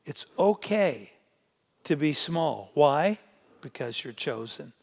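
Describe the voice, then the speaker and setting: Pastor, male, preaching a conversational sermon; gravelly tone, emphatic delivery. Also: fairly high pitch, animated, slow, a little mellow, long reverb tail. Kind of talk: midweek sermon with scripture reading.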